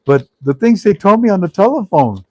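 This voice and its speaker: A giddy grown-man accountant who can't stop laughing, as a host acts him out. His voice climbs high and loud while he repeats himself in excited bursts. It sounds dry and close. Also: fairly quick, no echo. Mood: amused. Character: cheerful grown man, a bookkeeper who cracks up.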